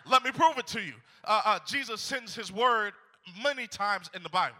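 A man's voice: high voice, expressive, moderate pace, pushed and bright. A man preaching a fervent sermon to a congregation, repeating his phrases and calling out to them. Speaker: pastor. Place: church sanctuary. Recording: long reverb of a large hall.

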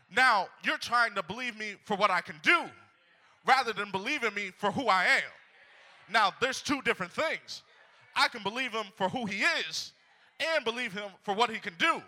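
A man's voice: high-pitched, lively intonation, normal speed, pushed and bright. A man preaching a fervent sermon to a congregation, repeating his phrases and calling out to them. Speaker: pastor. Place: church sanctuary. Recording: long reverb of a large hall.

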